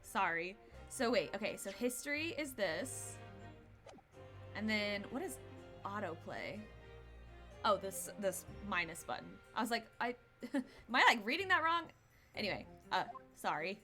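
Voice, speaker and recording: A woman's voice: medium pitch, very animated, measured pace, pauses often, pushed and bright, faint music behind. A woman streamer giving casual, chatty commentary while playing a game, giggly and self-deprecating.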